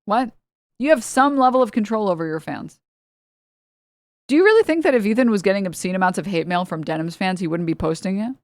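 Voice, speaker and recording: A woman's voice: mid-range voice, lively intonation, brisk, dry recording, clean studio sound. A young woman from the United States, a streamer giving heated, sarcastic political commentary and laughing between points.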